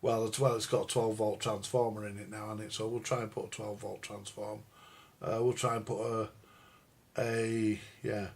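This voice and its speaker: A man's voice: lowish voice, flat delivery, normal speed, vocal fry, breathy edge. An older man, chatting crudely and jokily to viewers on a live stream about records and radios. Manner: crude, jokey, addresses viewers as guys. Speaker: record collector vlogger. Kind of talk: rambling live-stream chat.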